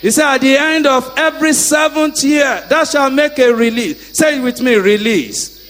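A middle-aged male pastor preaching a sermon, calling on the congregation to repeat after him and rising to shouts. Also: extremely high pitch, normal speed. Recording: echoey hall.

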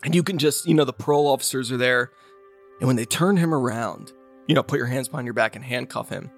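Co-hosting a podcast, a man chats casually about a film, energetically retelling its scenes and acting out quoted lines. He has a medium-pitched voice and talks quickly, with faint music in the background.

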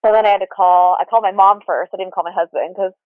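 A woman's voice: mid-range voice, fairly even intonation, quick pace, dry recording. A woman guest telling her story candidly, rambling with frequent restarts. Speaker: podcast guest. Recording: tinny phone line, dry.

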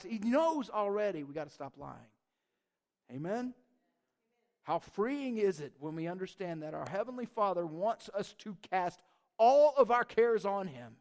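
A man's voice: high voice, animated, moderate pace. A man preaching a sermon as a pastor, emphatic and conversational.

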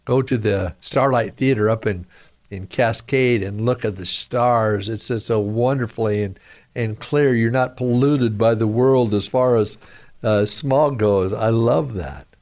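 A man's voice: mid-range voice, gravelly, no room sound. A middle-aged man hosting a radio devotional, speaking earnestly, praying and reading scripture with rising emphasis. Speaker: radio pastor and host.

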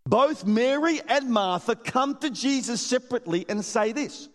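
A man preaching a sermon, his fairly high voice carrying a long reverb through a large hall. He is animated, acting out the people in his stories and laughing often as he speaks to the congregation. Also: moderate pace. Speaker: pastor. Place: church hall.

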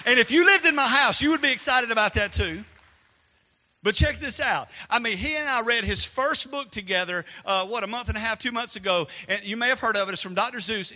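A man preaching a sermon as pastor, animated and storytelling, dropping to a hush and then rising loud. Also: sits high, fairly quick, long reverb tail.

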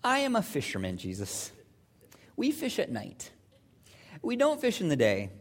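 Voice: mid-range voice, wildly swooping pitch, a little slow, exaggerated voice. A preacher voicing a tired fisherman who protests and doubts an unexpected request, speaking in his own near-everyday voice. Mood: incredulous. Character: weary, doubtful grown male fisherman.

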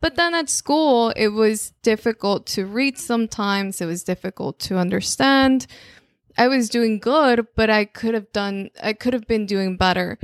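A woman's voice: on the high side, unhurried, no room sound, studio quality. A woman from Mexico with a Mexican Spanish accent, a native Spanish speaker, giving a reflective monthly spiritual talk as a channeler and telling personal stories with frequent restarts.

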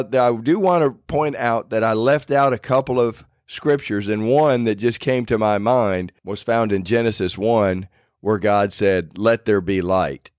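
Recorded dry and at studio quality, this faith podcast host has a mid-range voice. He gives an informal devotional talk in a homespun, self-mocking manner, rambling slightly and restarting his sentences.

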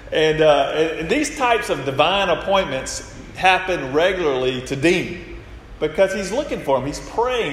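A man preaching a sermon, retelling stories and acting out the quoted lines. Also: on the high side. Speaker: pastor. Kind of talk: sermon with storytelling. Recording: echoey hall with faint noise.

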